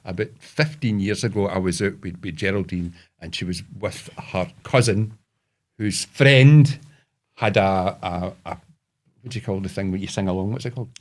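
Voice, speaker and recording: A man's voice: sits low, normal speed. A Scottish man telling rambling, swearing anecdotes in casual podcast chat. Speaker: podcast co-host.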